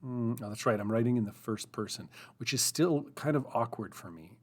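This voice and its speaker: A man's voice: mid-range voice, animated, fairly quick. A man hosting a live writing session, chatting casually and thinking aloud as he types, rambling and self-deprecating. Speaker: writing group host. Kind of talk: casual live-stream chat while writing.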